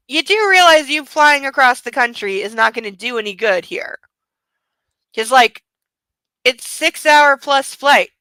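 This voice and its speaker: A bright, fairly high-voiced young woman hosting a book club, talking casually with sarcastic asides and lots of fillers. Her voice is close and dry. She reads passages aloud and then mocks them. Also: unhurried, no room sound, poor audio. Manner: chatty, mocking asides, many fillers. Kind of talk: sarcastic reading commentary.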